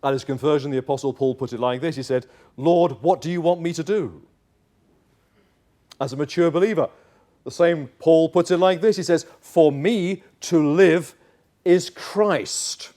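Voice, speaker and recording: A man's voice: fairly high pitch, measured pace, dark tone. A male pastor preaching a sermon in church, emphatic and acting out little dialogues.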